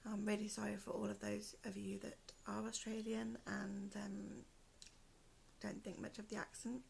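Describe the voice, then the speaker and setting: A British woman hosting a crafting podcast from a room at home, speaking softly and often dropping to a whisper, with a hoarse voice from asthma and pain. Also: medium pitch, monotone, moderate pace, slight background noise. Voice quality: hoarse, gravelly voice. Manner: soft-spoken, often trailing into a whisper. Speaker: podcast host. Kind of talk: casual chat to camera. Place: one room at home, indoors.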